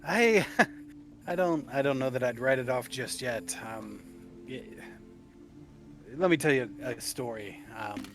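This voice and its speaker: An excitable tavern gossip , voiced by a man, who leans in to spin local legends in a tabletop game. He insists on every wild claim, his voice sitting at a middling pitch. Faint music plays behind him. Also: unhurried, close to an everyday voice. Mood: conspiratorial. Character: excitable old tavern storyteller Alehead, male.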